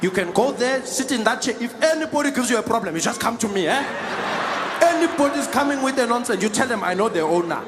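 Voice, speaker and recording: A man playing a cheeky South African man with a South African accent, high sing-song coaxing, noisy live recording. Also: lively intonation, fast talker. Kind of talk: stand-up comedy act-out.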